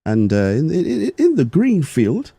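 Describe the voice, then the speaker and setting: A man doing a jittery Irish job applicant with a put-on lilt, his voice jumping far up into a squeaky, wildly swinging register as he stumbles over his words in a told joke. The sound is close and dry, with a dark edge under it. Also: huge pitch swings, a little slow, gravelly, slightly rough, no echo, heavily acted. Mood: halting, eager. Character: Irish man at a job interview, nervous but game.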